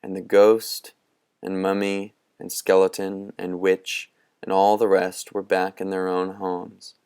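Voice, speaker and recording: A man narrating a storybook with a low, deep voice. He reads slowly and with measure, his tone smooth and clear throughout. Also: monotone, a little mellow, dry recording, clean studio sound. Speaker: audiobook reader. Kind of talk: scripted narration.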